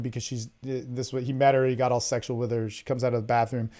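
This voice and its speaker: A man hosting a podcast, coaching listeners on dating in a blunt, profane way, swinging between loud emphasis and low murmurs. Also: very fast, hardly any pauses. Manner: animated, acts out his own lines in a hushed voice. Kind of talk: casual coaching talk.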